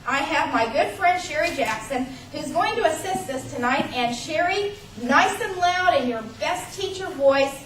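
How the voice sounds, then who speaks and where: High-voiced woman teaching in an echoey hall. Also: lively intonation, normal speed, hardly any pauses. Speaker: teacher of a church class. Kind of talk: classroom lecture. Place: large church room. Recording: echoey room from far off, faint hiss.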